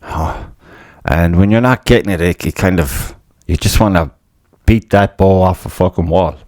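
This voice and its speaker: A low-voiced Irish man talks loosely on his own podcast. He rambles, drops curses constantly and mocks his own failures with a laugh. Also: moderate pace, a little mellow, no room sound, studio quality. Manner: swears a lot, self-mocking, laughs at himself. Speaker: podcast host. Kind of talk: casual rambling monologue.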